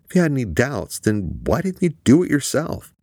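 A man with a deep voice voicing a foul-mouthed, defensive young woman who shouts and curses. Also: very animated, measured pace, gravelly, slightly rough, dry recording, clean studio sound, heavily acted. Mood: furious. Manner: shouting, cursing.

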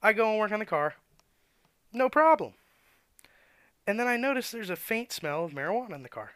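A man's voice: sits high, big pitch swings, brisk, fairly bright tone, smooth, no room sound. A man who works as an auto mechanic, telling shop stories in a blunt, profane, ranting way. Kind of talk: casual storytelling rant.

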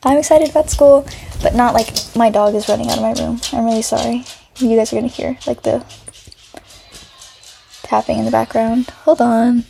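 A woman's voice: fairly high pitch, steady tone, moderate pace, vocal fry, pauses often, warm tone, faint music behind. A teenage girl hosting her own podcast, rambling casually with lots of fillers and restarts from her bedroom. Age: teens. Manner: rambling, filler-heavy, self-interrupting. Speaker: podcast host. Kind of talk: casual solo podcast chat.

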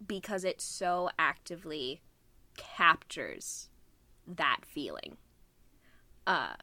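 A woman's voice: fairly low pitch, bright, forceful tone, no echo. A woman from Wisconsin co-hosting a podcast, talking earnestly and at length about a musical she loves. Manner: earnest and gushing, long story-telling runs. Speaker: podcast co-host. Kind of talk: casual chat about a musical.

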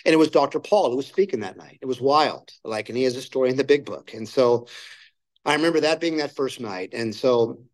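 A man's voice: medium pitch, a little fast, low-quality recording. A man sharing his personal recovery story at a meeting, candid and plain-spoken, acting out the voices of people he quotes. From Southern California. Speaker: main speaker at a recovery meeting. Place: meeting room.

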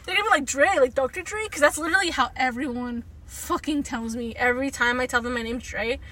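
A woman co-hosting a laid-back podcast, her voice high and bright. She talks in loose slang, curses freely and breaks into loud laughter. She sits a little way back from the mic. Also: fast talker, far from the mic. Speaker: podcast co-host. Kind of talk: casual chat.

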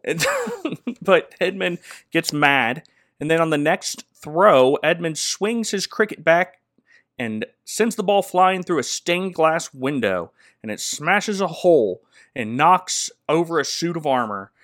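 A man recaps a movie in a sarcastic, rambling way and laughs often. His voice sits a little high for a man and moves around a lot in pitch. The sound is dry and close. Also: expressive, slow, fairly bright tone, no echo.

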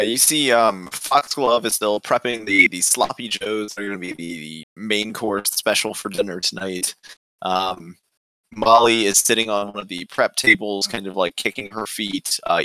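A man running a tabletop role-playing game as game master, describing scenes and asking the players questions in a relaxed way. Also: fairly low pitch, no echo, low-quality recording.

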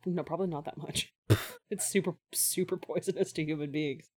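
A young woman chatting about a movie in a laid-back way, often trailing off quietly. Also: low voice, steady tone, fairly quick, breathy edge. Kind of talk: casual movie reaction chat.

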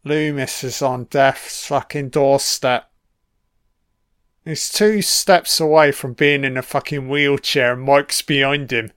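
A man's voice: medium pitch, fairly even intonation, slow, fairly bright tone, smooth, no room sound, studio quality. A man giving casual, sweary film commentary, sardonic and mocking.

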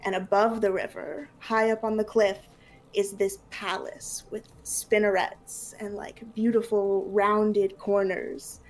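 A woman's voice: medium pitch, level tone, slow pace. A woman narrating as game master in a loose, casual way with many fillers.

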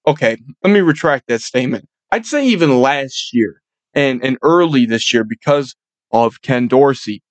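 A young man with a fairly high voice hosts a casual sports podcast, rambling in a rowdy way and swearing freely. The recording is dry, with no room sound.

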